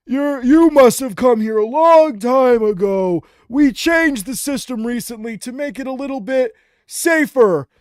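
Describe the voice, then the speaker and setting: A man voicing an old, hard-of-hearing male goblin who sells tickets, shouting slowly. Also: very high voice, smooth, no room sound, clean studio sound, pitched above the performer's own voice. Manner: shouting, drawn-out.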